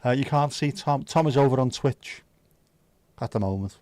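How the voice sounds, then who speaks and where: A man with a mid-range, slightly mellow voice hosts a livestream at a moderate pace, with no room sound audible. He chats casually with viewers, joking and teasing them in easy banter.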